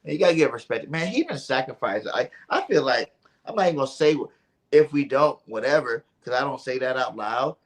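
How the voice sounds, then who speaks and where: Animated male sports podcast host. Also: medium pitch, fairly quick. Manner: animated, acts out quotes in voices. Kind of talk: casual sports chat.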